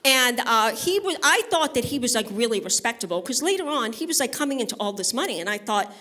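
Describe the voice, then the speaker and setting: A woman's voice: fairly high pitch, big pitch swings, fast, pushed and bright. A woman from Brooklyn, doing a brash, chatty stand-up set on stage with bawdy stories and crowd work. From Brooklyn, New York. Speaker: stand-up comedian. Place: on stage at a live benefit event.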